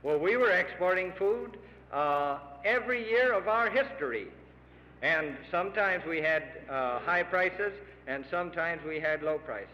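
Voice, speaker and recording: A man's voice: sits high, animated, a little slow, bright, forceful tone, a little hiss or hum. A middle-aged man giving an earnest, emphatic public speech to farmers, pleading with his audience. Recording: lo-fi archival radio recording with long hall reverb.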